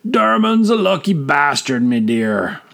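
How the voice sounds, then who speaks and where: A man's voice: a little high, big pitch swings, measured pace, vocal fry, a bit bright, pitched above the performer's own voice, full character voice. A man voicing a boastful, bawdy old male sailor who slurs his words in an audio story. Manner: slurring.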